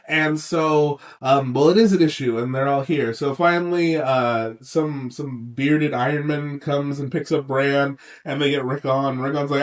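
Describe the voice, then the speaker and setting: A man co-hosting a casual podcast recap while sick, talking in an animated way, swearing and acting out characters in quick silly voices. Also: medium pitch, recorded from a distance. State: sick for days. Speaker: podcast co-host.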